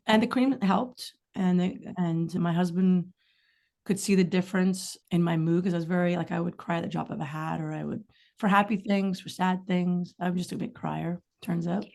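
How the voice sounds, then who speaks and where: A middle-aged woman chats as a podcast guest, her low voice carrying a gravelly rasp. She rambles through candid stories full of frank, lively asides. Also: moderate pace. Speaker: guest, singer-songwriter. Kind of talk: casual podcast interview chat.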